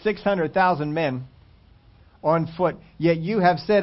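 A man's voice: a little high, slow pace. A man preaching a sermon, reading scripture and telling stories with emphatic repetition. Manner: animated storytelling, emphatic repetition. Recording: dull lo-fi recording.

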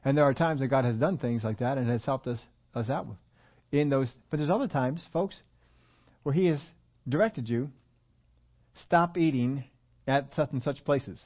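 A man's voice: medium pitch, normal speed, lo-fi sound. An older man preaching a sermon in a church, talking in a folksy, conversational way with many repetitions. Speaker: pastor.

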